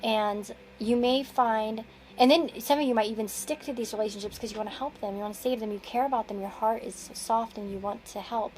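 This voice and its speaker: A woman's voice: a little high, fairly even intonation, a little fast, darkish tone, slight background noise, poor audio. Rambling woman giving a tarot reading. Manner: rambling, restarts sentences, chuckles between thoughts. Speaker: tarot card reader. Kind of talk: casual tarot reading to camera.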